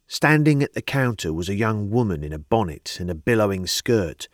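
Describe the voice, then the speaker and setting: A man narrates an audiobook in a lowish voice with lively, shifting intonation. The recording is dry and close, with no room sound. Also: no room sound. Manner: measured storytelling, lively intonation.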